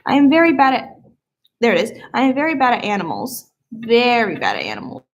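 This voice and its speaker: A woman's voice: fairly high pitch, huge pitch swings, fairly quick, muffled recording. Giggly young woman rambling on a stream. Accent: slight Southern US. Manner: rambling, giggly, easily sidetracked. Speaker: livestreamer. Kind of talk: casual live stream chat.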